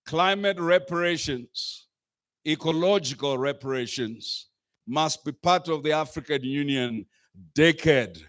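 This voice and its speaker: Slow, emphatic man giving a rousing speech. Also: a little high. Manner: emphatic, rhetorical repetition, rising to shouts. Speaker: speaker addressing a youth climate assembly. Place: live event stage.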